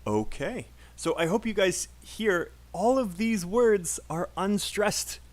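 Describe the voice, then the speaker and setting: Man, British accent, English teacher, live online lesson, encouraging, animated intonation. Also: sits high. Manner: encouraging, drills sentences slowly with students.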